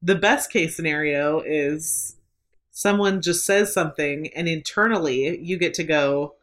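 A woman co-hosting a podcast, chatting in a relaxed, agreeable way and laughing along. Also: low voice, a little slow. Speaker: podcast co-host. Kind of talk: casual chat.

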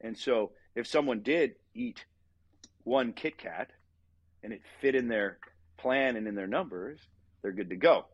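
A man in his forties speaks with a slightly husky, breathy voice, recorded close and dry with little room sound. He talks like a coach in an easygoing podcast chat, earnest and animated, acting out the voices in his head. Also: medium pitch, unhurried, no room sound, lo-fi sound. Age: 40s. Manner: earnest, animated storyteller who acts out inner dialogue. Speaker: fitness coach for fathers. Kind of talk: casual podcast conversation.

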